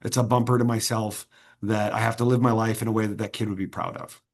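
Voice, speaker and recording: A man being interviewed, an earnest performer who tells stories with many halting restarts. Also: lowish voice, flat delivery. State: choked up. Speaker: interview guest, sword swallower and performer. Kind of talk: reflective interview answers.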